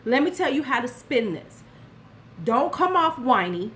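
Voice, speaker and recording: An older woman talks beauty in a casual commentary vlog, her high voice very animated and a bit bright yet unhurried. She gives blunt, sassy advice straight to the viewer and responds to chat every so often.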